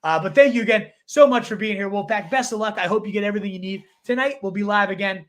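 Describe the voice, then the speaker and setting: A man hosting a casual fantasy football livestream, answering viewer comments in a rambling, halting way with lots of fillers. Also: sits high, a bit bright. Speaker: fantasy football show host.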